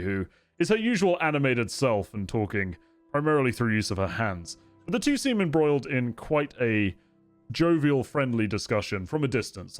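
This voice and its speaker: A man's voice: mid-range voice, no room sound. A man narrating a tabletop game as game master, describing scenes in a storytelling way.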